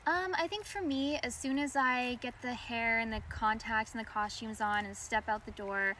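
A woman's voice: fairly high pitch, fairly even intonation, normal speed, sharp tone, recorded from a distance, a little hiss or hum. A woman in her thirties, a cosplayer, chatting animatedly as the guest in an interview at a fan festival. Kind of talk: casual interview chat.

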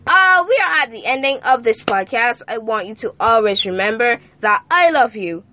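A young woman hosts a Christian podcast, her high voice recorded close and dry with no room sound. She drops to hushed, earnest prayer, then bursts into sing-song chanting. Her voice is worn from shouting. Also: expressive, normal speed, dry recording. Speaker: podcast host.

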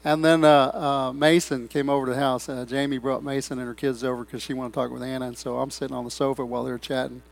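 A middle-aged man preaching a sermon in a church, breaking into loud swells and rambling asides. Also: mid-range voice, flat delivery, fast, creaky, few pauses. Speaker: pastor. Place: church sanctuary.

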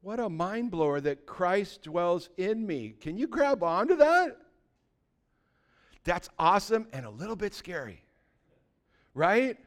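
Animated male preacher, clear voice. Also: high voice, slow pace, pauses often. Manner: animated, swings from quiet asides to excited shouting. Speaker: pastor. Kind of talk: sermon. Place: church sanctuary with congregation.

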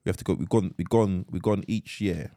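Guy in his 30s on a podcast, talks fast, swears a lot, keeps repeating himself. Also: deep voice, dark tone. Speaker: podcast co-host. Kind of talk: casual chat.

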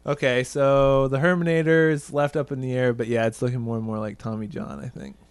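A man's voice: medium pitch, fairly even intonation, fairly quick, smooth, dry recording. A man co-hosting a casual sports podcast, chatty and joking, laughing often. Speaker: podcast co-host.

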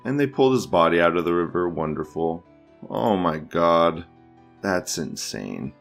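A man's voice: deep voice, sing-song, unhurried, vocal fry, faint music behind. A man hosting a podcast, giving crude, profane, offhand commentary and often laughing as he reacts to videos. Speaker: podcast host.

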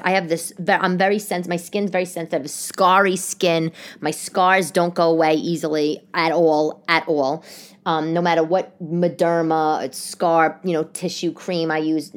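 A woman comedian with a New York accent hosting her own podcast in casual chat, expressive and animated, swinging between loud outbursts and quiet asides. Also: low-pitched.

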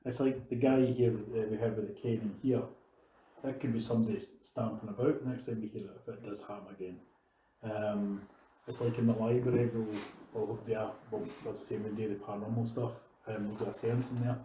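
A man's voice: lowish voice, brisk, a little hiss or hum. Scottish man telling ghost stories, echoey room. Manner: animated, acts out dialogue. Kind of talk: casual storytelling. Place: large old house indoors.

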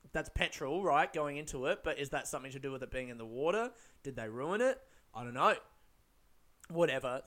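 A man's voice: fairly high pitch, fairly bright tone. A young man telling a rambling, swear-filled story, full of fillers and laughs. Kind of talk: casual storytelling.

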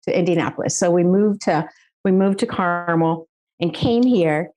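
A woman's voice: on the low side, normal speed, a little mellow. A middle-aged woman from the United States, a guest giving an emotional personal faith testimony, earnest and laughing at times.

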